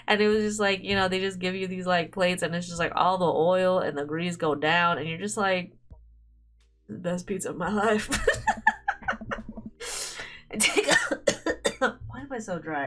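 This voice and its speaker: At medium pitch and with a fairly bright tone, the streamer keeps reading her dating game and stepping out to comment. She stays playful, giggling and laughing frequently over faint background game music.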